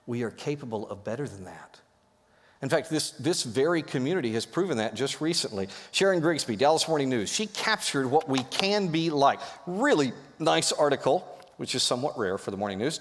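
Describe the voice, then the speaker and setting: A man preaching a sermon as pastor, lively and joking as he rallies his congregation in a church. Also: medium pitch. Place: church sanctuary. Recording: echoey hall.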